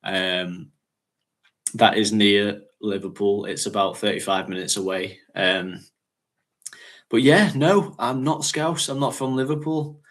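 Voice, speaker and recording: A man's voice: fairly low pitch, takes it slowly, fairly bright tone. A man from North West England, hosting a casual livestream chat and rambling, chatting and laughing often. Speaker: fragrance channel host.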